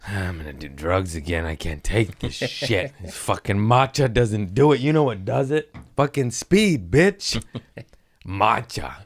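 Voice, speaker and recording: A man's voice: lowish voice, animated, a little slow. A man hosting a comedy podcast, rambling through crude jokes in a casual monologue, giggling often and slipping into silly voices.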